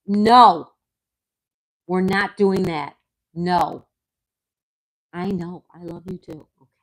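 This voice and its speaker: A woman hosting a casual live chat, greeting viewers by name and gently scolding her dog, with a sore throat coming on. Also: on the low side, steady tone, takes it slowly, no echo, studio quality. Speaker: livestream host.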